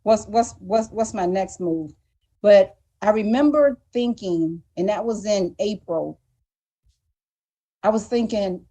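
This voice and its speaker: A woman's voice: medium pitch, slow pace, mellow. A woman guest on a live talk show, speaking earnestly and emotionally, often repeating words as she restarts her sentences. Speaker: guest telling her story. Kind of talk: candid live-show conversation.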